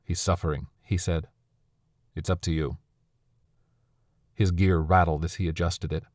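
A man voicing a gruff, detached mercenary who speaks in flat, curt phrases. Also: sits low, unhurried, dry recording, clean studio sound. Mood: cold. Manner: flat, curt, matter-of-fact.

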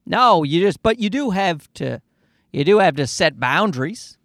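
Animated joking man talking from a car. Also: sits high, moderate pace, no echo, studio quality. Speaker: podcast host. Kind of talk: casual solo monologue. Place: parked car, back seat.

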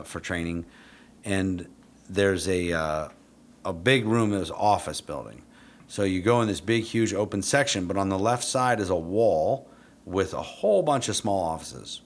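In a low voice at a moderate pace, a middle-aged man who trains police dogs recounts a story. He's blunt, profane and casual, often breaking into lively impressions of what he himself said.

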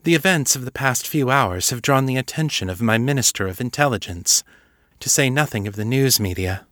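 A man voicing a formal, measured woman ruler in an audiobook reading. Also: mid-range voice, animated, fairly bright tone, no room sound, studio quality, lightly acted.

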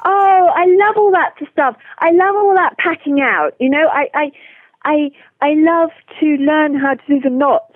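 A woman's voice: high-pitched, unhurried, dry recording. English woman telling stories over a tinny phone line. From England. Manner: animated storyteller who acts out quoted voices. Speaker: guest, author and long-distance horse rider. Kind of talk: casual storytelling interview.

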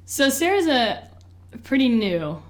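An interview guest, a woman in her twenties, tells a personal story in a chatty way, packed with "like" and "you know" and frequent laughter. Her voice is high-pitched with big pitch swings, and she takes it slowly.

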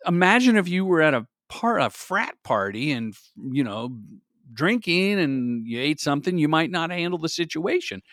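Middle-aged male guest, animated and upbeat, dry sound. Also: fairly high pitch, moderate pace, no room sound. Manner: energetic, animated storyteller. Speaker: guest, commercial director. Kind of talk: casual interview storytelling.

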